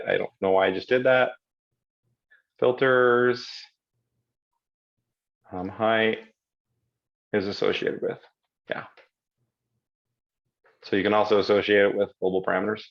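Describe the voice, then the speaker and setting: A man co-hosting a live software Q&A show, chatting casually and rambling, with self-deprecating asides. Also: lowish voice. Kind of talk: casual conversational livestream chat. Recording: slightly dull lo-fi stream audio.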